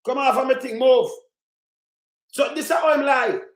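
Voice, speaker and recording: A Jamaican man in heated live commentary, ranting and shouting in patois, circling back to the same complaints. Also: extremely high pitch, moderate pace, roomy sound. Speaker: livestream commentator.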